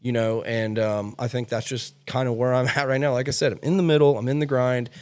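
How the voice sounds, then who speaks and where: Speaking a little fast in a mid-range voice, a man hosts a podcast and chats casually. His storytelling is animated and blunt, full of free swearing.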